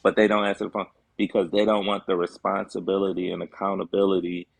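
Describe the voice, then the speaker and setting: A man's voice: low-pitched, level tone, quick pace, gravelly, no room sound. A man speaking as a guest on a talk show, earnest and emphatic, with frequent fillers. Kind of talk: casual chat.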